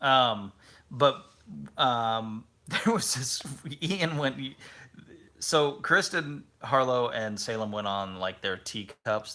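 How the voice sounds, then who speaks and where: A man in his thirties, co-hosting a casual family travel chat and telling stories with lively acted-out quotes. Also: mid-range voice, creaky. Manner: animated storytelling, acts out quotes. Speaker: podcast co-host.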